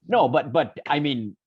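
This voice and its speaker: Halting Swiss man, dull dry sound. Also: a little high, slightly rough, no room sound. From Switzerland. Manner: halting, with many restarts and repeated words. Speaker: panelist. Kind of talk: round-table discussion.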